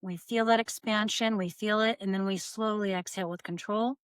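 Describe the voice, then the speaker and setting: Calm woman teaching voice. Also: medium pitch, fairly quick, clean tone, no echo, clean studio sound. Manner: calm, guiding, breaks into vocal demonstrations. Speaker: voice coach. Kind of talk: instructional voice lesson. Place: her own small studio. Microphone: seated at camera.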